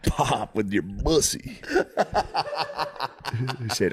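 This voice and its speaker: A man's voice: fairly low pitch, big pitch swings, moderate pace, crowd noise. A man hosting a podcast, teasing the others with crude jokes and frequent laughter. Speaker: podcast host. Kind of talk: crude comedic banter.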